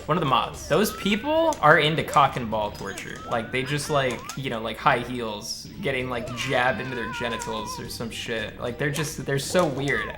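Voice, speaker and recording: A man's voice: medium pitch, big pitch swings, normal speed, hardly any pauses, pushed and bright. A young man live-streaming a speedrun, chatting with his viewers in a blunt, profane, joking way. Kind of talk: casual live-stream chat while gaming. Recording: game music playing clearly underneath.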